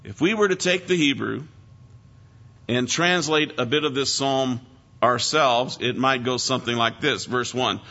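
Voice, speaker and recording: In this dull lo-fi recording, a preacher gives expository Bible teaching, working through a psalm in an earnest sermon. His medium-pitched voice is unhurried yet pushed and bright, and he stresses key words for emphasis.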